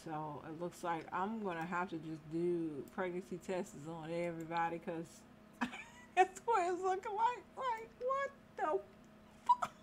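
A woman's voice: on the low side, very animated, measured pace, slight background noise. A woman casually commentating a life-simulation game, scolding the characters in exasperation. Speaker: gameplay commentator. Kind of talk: casual let's-play commentary.

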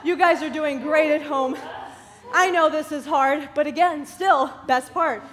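A woman fitness instructor leading a workout class, energetic and encouraging, calling out counts and moves. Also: high-pitched, measured pace.

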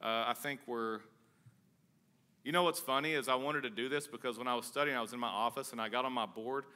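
A man, a pastor preaching a conversational sermon with a casual, joking, energetic manner. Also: medium pitch, fairly quick.

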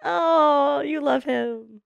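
A woman hosting an anime reaction, talking casually and excitably, swearing often and laughing a lot. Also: high voice, drawn-out words, vocal fry, no room sound, lo-fi sound. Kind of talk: casual live reaction commentary.

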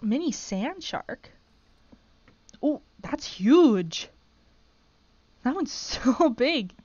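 A woman hosting a casual live stream while gaming, gushing and excitable as she rambles along. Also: sits high, drawn-out words, dry recording, lo-fi sound. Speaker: streamer host.

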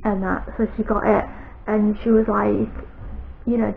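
A British woman chats to camera in a rambling, anxious way, her voice gravelly with vocal fry. The recording sounds thin and phone-like, with a faint hiss underneath. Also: medium pitch, level tone, unhurried. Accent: British English. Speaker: vlogger. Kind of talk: casual chat to camera.

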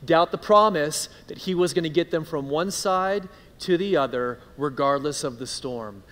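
A man preaching a sermon as pastor, conversational and animated, acting out the people he quotes. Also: on the high side, normal speed, long reverb tail. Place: church sanctuary.

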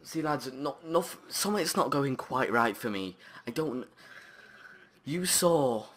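A man commentating his own football video game match, chatting along and breaking into shouted, sweary outbursts at the play. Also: mid-range voice, lively intonation, slow pace. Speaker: gaming channel host.

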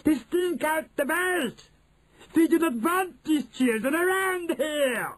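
A woman voicing a tyrannical old female witch leader in an audiobook, her voice shrill and screeching, slow and commanding. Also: expressive. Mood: screeching, furious. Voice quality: shrill and screeching, hissing when menacing. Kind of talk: audiobook character voice.

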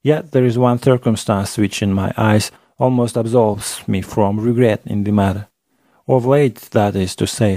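A man narrating a classic novel in the first person, measured and literary, on a close studio mic. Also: on the low side, mellow, no echo. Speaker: audiobook narrator.

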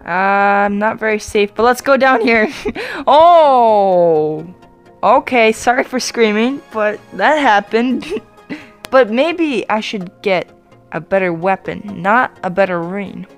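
A woman's voice: mid-range voice, a little slow, faint music behind. Chatty woman narrating her gameplay. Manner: chatty, apologetic, bursts into excited exclamations. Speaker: YouTube gamer. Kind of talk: let's-play gameplay commentary.

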